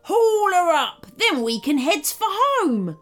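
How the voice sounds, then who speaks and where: Woman voicing a loud, gloating storybook pirate captain, pitched high. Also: sing-song, faint music behind, full character voice. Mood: triumphant. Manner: loud, boisterous, drawn-out gloating. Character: gleeful bearded male pirate captain.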